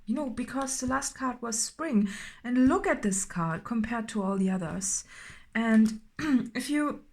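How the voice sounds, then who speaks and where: A woman doing an unscripted intuitive tarot reading, halting and filler-heavy, often checking in with "right?" and growing more emphatic as she goes. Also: fairly high pitch, animated, creaky. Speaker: tarot reader.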